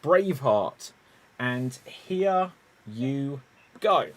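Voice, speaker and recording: A man's voice: mid-range voice, expressive, very slow. A man hosting an improv comedy show, upbeat, explaining the games and calling on players.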